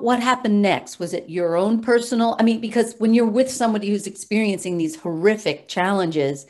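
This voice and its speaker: Woman host prompting her guest. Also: mid-range voice. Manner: warmly prompting, searching for words. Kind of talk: casual interview.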